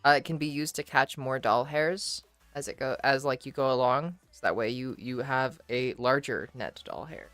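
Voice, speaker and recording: A woman livestreaming, chatting casually with her viewers and answering their messages in a relaxed, shy, giggly way with plenty of swearing. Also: rumbling low, moderate pace, hardly any pauses, dry recording, soft background music. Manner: reads and answers chat messages. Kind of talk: casual chat with stream viewers.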